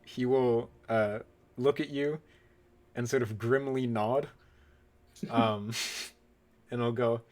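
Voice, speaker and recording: A man narrating as game master, relaxed, with filler pauses. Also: medium pitch.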